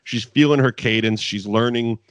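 A man's voice: medium pitch, normal speed, no echo. A man casually recapping an old wrestling show with a co-host, swearing freely and laughing often. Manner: profane, animated, laughs often. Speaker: podcast co-host.

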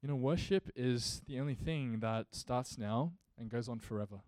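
Earnest, mellow-voiced male pastor preaching. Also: mid-range voice, moderate pace, dry recording. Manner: earnest, building to emphatic rhetorical questions. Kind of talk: sermon.

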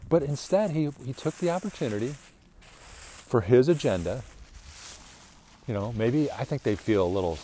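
A lower-voiced man talks off the cuff on his podcast, swinging his pitch up and down as he gets worked up. He keeps restarting his sentences and tossing in asides, with a faint hiss of noise under the voice. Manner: animated, exasperated, full of restarts and asides. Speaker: podcast host. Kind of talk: casual rambling monologue.

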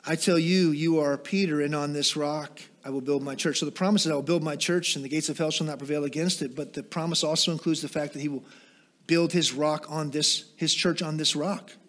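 Fairly high in pitch and steady in tone, this male pastor preaches a little fast. Rhetorical questions give way to quiet explanation, along with small asides poking fun at himself.

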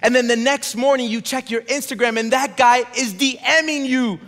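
A male pastor preaching a sermon, emphatic, swinging between shouts and hushed drops, and leading the congregation in call-and-response. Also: very high voice, fairly even intonation, moderate pace. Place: church sanctuary. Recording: long hall reverb.

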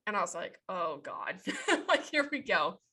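Woman, 30s, bright voice, animated casual storyteller who swears. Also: mid-range voice, a little slow, breathy edge. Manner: animated, swears freely, laughs while telling. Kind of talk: casual chat.

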